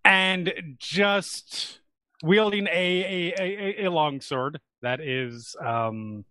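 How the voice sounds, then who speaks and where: A tabletop player slowly describing his character, pausing often and hunting for the right words. His voice is bright and slightly high, with a dry, close sound. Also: no echo. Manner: halting, searching for words.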